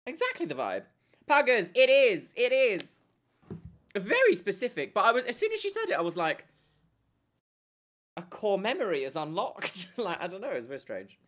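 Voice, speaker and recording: Woman, young adult, game streamer, giggly, chatty, lively pitch swings. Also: brisk. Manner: giggly, chatty, reads out and thanks chat. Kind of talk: casual live-stream chat.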